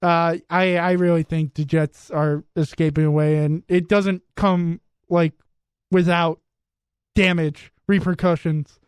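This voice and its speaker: A man's voice: fairly high pitch, little pitch movement, a little slow, smooth, no room sound, studio quality. A young man hosting a radio sports show, teasing his co-hosts in casual banter. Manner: teasing, wry, lots of restarts. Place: radio studio.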